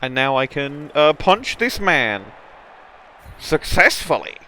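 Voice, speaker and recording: A man's voice: fairly high pitch, sing-song, slow pace, bright, forceful tone, a little hiss or hum. A man chatting casually while playing a tabletop sports game with friends, talking through his own moves in a playful way.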